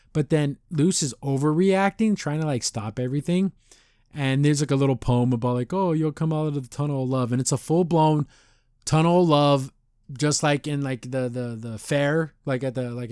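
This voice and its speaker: A man's voice: a little high, a little mellow, no room sound, clean studio sound. A man hosting a podcast and reviewing a cartoon episode in a casual, rambling way, often acting out characters' lines in exaggerated voices. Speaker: podcast host.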